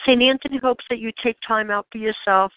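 A woman leading a channeled spiritual guidance session, speaking in gentle, questioning prompts to the listener. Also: fairly high pitch, fairly quick, no room sound. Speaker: spiritual guide. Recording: dry, tinny phone-like sound.

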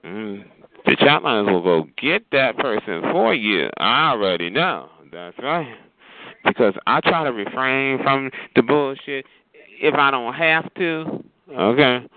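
A man telling a sassy, animated story in casual chat, calling listeners honey and child. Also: medium pitch, unhurried. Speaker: chat line regular. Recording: tinny phone line.

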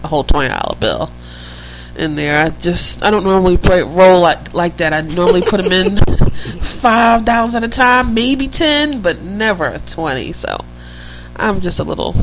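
A woman's voice: on the low side, expressive, moderate pace, slight background noise, rough recording. A woman co-hosting a podcast in casual, rambling chat, laughing easily. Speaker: podcast co-host.

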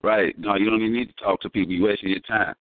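Man, deep voice, fast slangy storytelling, dry tinny phone-like sound. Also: steady tone, dry recording. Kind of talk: casual conversation.

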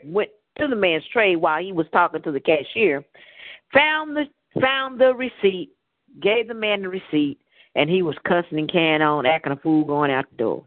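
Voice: mid-range voice, no echo. A call-in radio show host rambling through a casual monologue, blunt and profane in a storytelling way. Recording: dry, phone-like narrowband audio.

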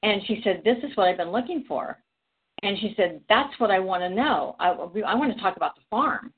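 A woman's voice: mid-range voice, expressive, brisk, breathy edge. A woman telling a long, rambling story in casual conversation, with frequent restarts and quoted dialogue. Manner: chatty, rambling, many restarts. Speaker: podcast guest. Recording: phone-like audio.

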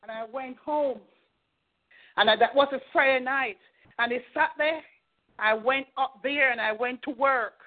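A middle-aged woman minister speaks in a high voice with earnest fervor, sharing her testimony and urging her listeners. She sounds thin and tinny, as if heard over a telephone conference line. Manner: earnest, fervent storytelling. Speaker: minister leading a prayer call. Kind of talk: testimony and exhortation on a conference call.

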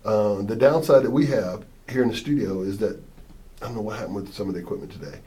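Low-voiced, rambling studio host. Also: male voice, fast, warm tone. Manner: rambling, loose, laughs easily. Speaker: show host. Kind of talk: casual studio chat.

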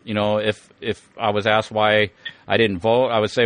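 A man's voice: fairly low pitch, level tone, normal speed, a bit bright, dry recording. A middle-aged man talking in a rambling, profane podcast monologue, often stammering and repeating words. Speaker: podcast host. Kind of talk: casual monologue.

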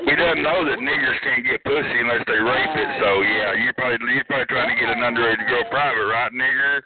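A man trades aggressive, taunting insults over a phone chat line. The sound is thin and tinny, and a crowd of voices chatters behind him. He speaks at an average pitch for a man. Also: fast. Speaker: chat line room moderator. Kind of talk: heated phone argument.

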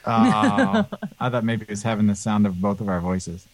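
A man's voice: fairly low pitch, huge pitch swings, moderate pace. A man co-hosting a podcast with playful, joking banter in a casual chat. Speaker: podcast co-host.

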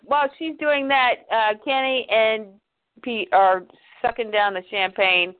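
A woman's voice: fairly high pitch, steady tone, unhurried. A woman co-hosting a casual show, chatting and reading a comic story aloud over a phone-like line. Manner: chatty, narrates with quotes. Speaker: podcast co-host reading a comic.

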